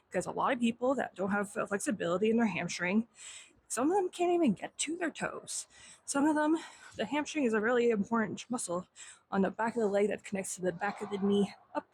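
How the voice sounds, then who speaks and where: A young woman teaching a stretching warm-up, slightly out of breath, counting aloud in Japanese. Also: medium pitch, a little hiss or hum, low-quality recording. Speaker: fitness instructor. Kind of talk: instructional demo while exercising.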